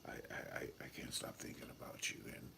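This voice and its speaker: A man voicing a smitten male lover in a whispered role-play, speaking in a breathy grunt whisper. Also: fairly quick, sharp tone, lightly acted. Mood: pleading.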